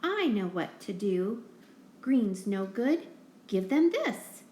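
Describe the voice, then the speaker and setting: A woman voicing a confident woman vet who briskly prescribes remedies in a reassuring way. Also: medium pitch, sing-song, warm tone, a little hiss or hum. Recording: roomy echo.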